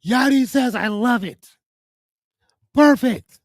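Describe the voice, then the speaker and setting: Speaking slowly in a very high voice, a young livestream host comes through a dry, clean studio recording. He keeps it loose and joking, reads chat names and comments, swears casually and interrupts himself with "hold on."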